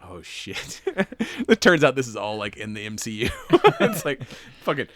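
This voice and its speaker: Lively, rambling man. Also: lowish voice, normal speed, no echo. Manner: rambling, profane, laughing retellings of movie scenes. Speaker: podcast co-host. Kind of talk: casual chat.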